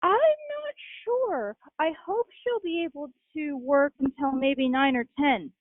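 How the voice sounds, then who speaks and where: A young woman speaks in a measured, matter-of-fact manner as an interview guest. Her voice sits fairly high. It comes through a narrow, phone-like line with no room sound at all. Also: lively intonation, no echo. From Utah. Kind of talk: interview answers.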